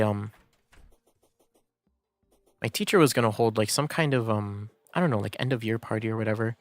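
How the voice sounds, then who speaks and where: A man's voice: medium pitch, fairly bright tone, no room sound. A man streaming a game, telling a story in a casual, rambling way with many fillers and restarts. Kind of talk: casual storytelling while gaming.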